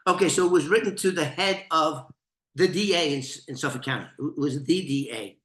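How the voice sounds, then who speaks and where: A middle-aged man with a New York accent telling an old story, animated and swearing freely. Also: on the high side, fairly quick. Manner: animated, swearing, restarts, laughs. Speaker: storyteller, former informant. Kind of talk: casual storytelling to camera. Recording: echoey room.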